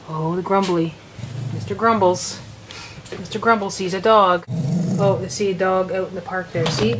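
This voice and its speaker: A woman vlogging at home, talking softly and cooing to her dogs between casual chat. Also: lowish voice, brisk. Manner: soft, cooing baby talk to her dogs. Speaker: daily vlogger. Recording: noisy home camera recording.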